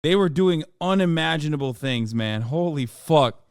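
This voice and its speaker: A man in his thirties giving casual, profane reaction commentary as a streamer, animated and swearing, building into loud excited rants. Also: a little high, normal speed, smooth, no room sound, clean studio sound.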